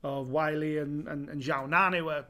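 A man with a Scouse accent co-hosting a fight preview, chatting in an animated way and swearing freely. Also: fairly high pitch, normal speed. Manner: animated, swears freely, calls people baby. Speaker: MMA show co-host. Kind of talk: casual fight preview chat.

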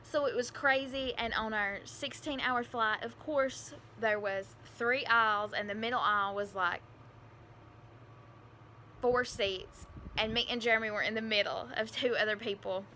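A woman's voice: on the high side, fairly even intonation, measured pace, pushed and bright, slight background noise. A young woman with a country accent telling a personal story in a casual, rambling, earnest way, with lots of fillers. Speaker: adoptive mother vlogger.

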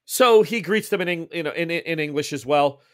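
A man's voice: a little high, a bit bright, no room sound, clean studio sound. A man narrating as game master in a tabletop game, rambling with frequent restarts. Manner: rambling, halting, many restarts.

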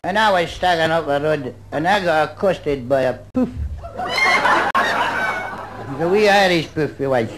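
A man's voice: on the high side, normal speed, long pauses. A Scottish man doing live stand-up comedy, telling rambling anecdotes with "you know" thrown in. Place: nightclub stage before a live audience. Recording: old live club recording, loud crowd and noise. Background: audience laughter.

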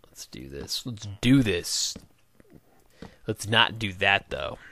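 A man's voice: deep voice, lively intonation, slow, gravelly, bright, forceful tone. A man chatting his way through a game session at a desk microphone, rambling from one thought to the next. He jokes freely and calls out to the characters on screen as he plays. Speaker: gaming video host. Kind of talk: casual let's-play commentary.

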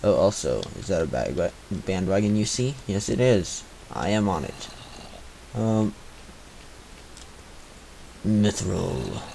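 A man's voice: low voice, very animated, takes it slowly, creaky, pauses often, dark tone, a little hiss or hum, poor audio. A man giving live gameplay commentary on a cheap microphone, mumbling and grumbling to himself with frustrated asides. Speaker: gaming commentator. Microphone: cheap replacement microphone.

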